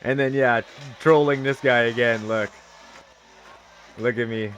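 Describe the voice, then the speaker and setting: A man streaming live, excitedly commenting on old footage and laughing often. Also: mid-range voice, measured pace, highs cut off, faint music behind. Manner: excitable, laughs a lot, loud.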